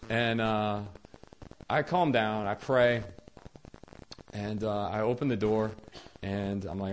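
A young adult man telling a personal story to viewers in a casual, animated way, stumbling over restarts and acting out what he said. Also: on the low side, moderate pace, a little hiss or hum, rough recording. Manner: animated, acts out his own quoted lines loudly, frequent restarts and laughs. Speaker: storyteller recalling caring for children.

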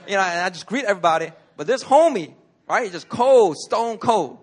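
A man with a fairly high voice preaching a casual, story-driven sermon in a church. He talks in a conversational way, acts out little scenes and laughs along the way. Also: animated, fast talker. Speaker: pastor.

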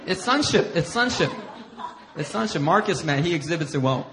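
A middle-aged male pastor preaching a sermon. He tells stories against himself in an animated way and acts out what other people said. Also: a little high, normal speed, a crowd in the background. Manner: animated self-deprecating storytelling, acting out others' lines. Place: church sanctuary.

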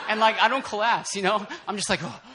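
Fast and high-voiced, a man preaches a relaxed, conversational sermon at a church prayer meeting. He laughs frequently and is animated, with many fillers and false starts.

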